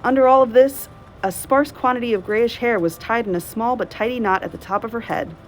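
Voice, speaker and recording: A woman librarian reading a novel aloud in steady, clear narration. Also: on the high side, fairly quick, a little hiss or hum, poor audio.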